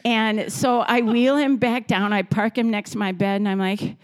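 A middle-aged woman co-hosting a podcast from a home kitchen, telling stories casually with lively energy and frequent laughter. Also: on the high side, moderate pace. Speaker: podcast co-host. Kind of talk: casual storytelling.

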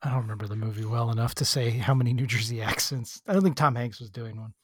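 A man's voice: mid-range voice, quick pace, noisy background. A man co-hosting a podcast, chatting casually with dry, joking banter. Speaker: podcast co-host. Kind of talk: casual chat.

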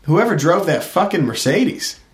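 A man's voice: a little high, sing-song, measured pace, roomy sound. A man from New Hampshire hosting a casual podcast in a studio, brash and joking, swearing freely. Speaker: podcast host. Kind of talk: casual profane podcast chat.

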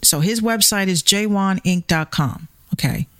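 A woman's voice: medium pitch, unhurried, fairly bright tone, no room sound. A woman with a Bronx accent hosting her show, ranting with heated, profane, confrontational energy. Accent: Bronx New York. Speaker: show host. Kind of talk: ranting commentary vlog.

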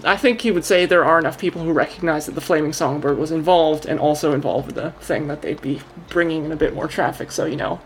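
A woman's voice: sits low, quick pace, few pauses, a little hiss or hum. A woman narrating a tabletop game as game master, rambling and correcting herself as she goes.

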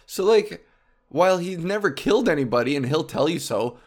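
In a slightly high, fairly quick voice, a comedian podcast host rattles off a casual comic monologue. He rambles and swears with animation, hopping from topic to topic.

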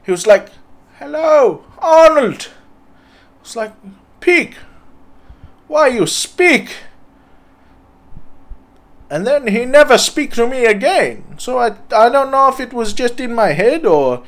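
A man voicing a simple-minded male pig farmer who speaks halting broken English with many fillers. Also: very high-pitched, sing-song, fairly bright tone, heavily acted. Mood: rambling. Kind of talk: improvised comedy character.

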